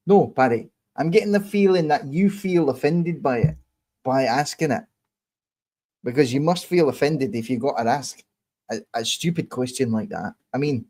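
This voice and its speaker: A man from England hosting his own online show, talking casually to viewers in a combative, lecturing way, slow and deliberate, swearing often and repeating his points. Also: medium pitch, a little mellow. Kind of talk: casual monologue answering viewer comments.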